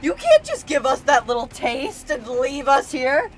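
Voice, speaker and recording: A woman streamer reacting live, excitable, casual and swearing freely as she shouts and laughs. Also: high voice, unhurried, slight background noise.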